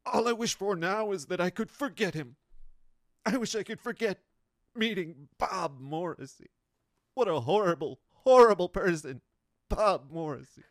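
A man voicing a bitter, heartbroken person who rants loudly and melodramatically about someone who hurt them. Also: sits high, animated, measured pace, no room sound, studio quality, voice pushed up. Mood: anguished. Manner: loud, overwrought, melodramatic.

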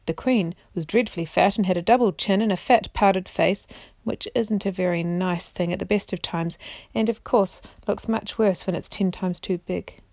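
A woman reading a children's chapter book aloud for her own children, in a gentle, unhurried way. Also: mid-range voice, dry recording, studio quality.

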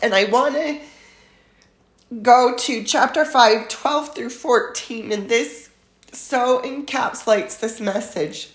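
A woman giving a devotional scripture talk, reading verses aloud in a slow, reverent and tender way. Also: a little high, reverberant. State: moved to tears at times. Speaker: church speaker.

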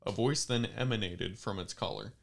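A man's voice: on the low side, moderate pace, vocal fry, a bit bright. A man reading a creepy story aloud for a comedy podcast, stopping now and then to joke with friends. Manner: reads steadily, breaks off to joke with friends. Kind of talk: dramatic story reading with joking asides.

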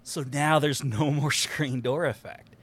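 Excited rambling man, podcast host. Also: mid-range voice, unhurried, husky. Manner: animated, rambling, laughs often. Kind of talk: excited casual chat.

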